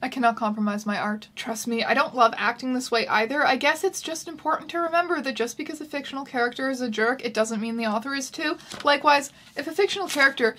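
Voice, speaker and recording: A woman's voice: sits high, quick pace, hardly any pauses, slight background noise. Wry woman reading a book aloud. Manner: wry, deadpan asides. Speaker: YouTube host. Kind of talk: comedic book reading and commentary.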